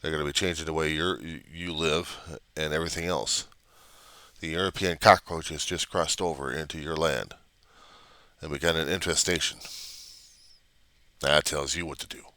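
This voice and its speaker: An American male vlogger rants from his apartment in an extremely low, gravelly voice that still sounds bright and forceful. Agitated and repetitive, he piles up rhetorical questions at a moderate pace, with fairly even intonation and frequent pauses. The recording is dry and close, with no room sound.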